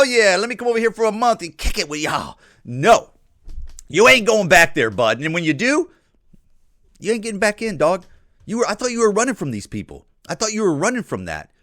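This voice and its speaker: Speaking straight into the mic in a dry, close recording with no echo, a man hosts his own podcast as an opinionated solo monologue. His voice is fairly high and bright with wide pitch swings, and he rants bluntly and profanely in loose slang.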